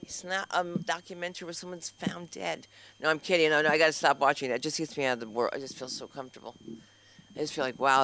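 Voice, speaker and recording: A man hosting a comedy open mic on stage, joking fast and talking straight to the crowd. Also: on the high side, fairly even intonation, pushed and bright, a little hiss or hum. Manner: rapid, jokey, talks straight to the crowd. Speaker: comedy show host. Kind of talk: stand-up hosting banter.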